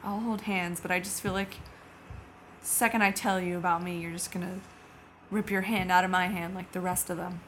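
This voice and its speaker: A woman's voice: lowish voice, fairly even intonation, a little fast, fairly bright tone, slight background noise, natural voice. A woman playing a wary young witch on a date. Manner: wary, blunt, dry. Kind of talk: improvised comedy scene.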